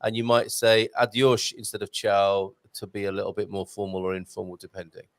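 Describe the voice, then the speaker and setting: Chatty English host reading viewer questions. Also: male voice, fairly low pitch, little pitch movement, a little fast, no echo. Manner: chatty, reads out viewer messages, jokey. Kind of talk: casual live Q&A hosting.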